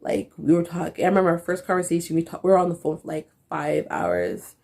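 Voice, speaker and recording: A young woman vlogger telling a story in a casual, animated way, filling her talk with "like" and acting out the dialogue. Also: fairly low pitch, fast, creaky. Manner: animated, lots of "like", acts out dialogue.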